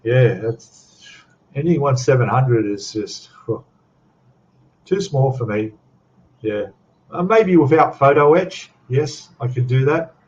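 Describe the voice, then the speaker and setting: A man's voice: medium pitch, animated, slow pace, long pauses, a little mellow, muffled recording. Chatty older Australian man. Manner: rambling, chatty, laughs often, reads out chat. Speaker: live stream host. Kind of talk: casual live stream chat.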